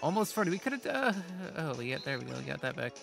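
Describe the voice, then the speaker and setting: A man's voice: on the high side, big pitch swings, fast, gravelly, fairly bright tone, soft background music. A man giving casual, rambling commentary while playing a video game, reacting aloud and joking at his own expense. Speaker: let's play host.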